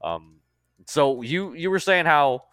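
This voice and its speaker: A man on a podcast telling stories in an animated, profane way, often acting out quoted lines. His voice is bright and forceful. The sound is close and dry. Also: fairly high pitch, takes it slowly, smooth, no echo. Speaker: podcast co-host. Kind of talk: casual podcast chat.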